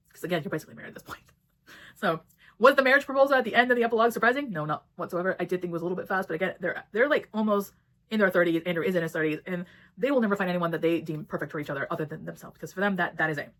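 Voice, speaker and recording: A woman's voice: on the low side, animated, fast, a bit bright. A woman giving a casual book review, blunt and swearing freely as she retells the story and acts out the characters' lines.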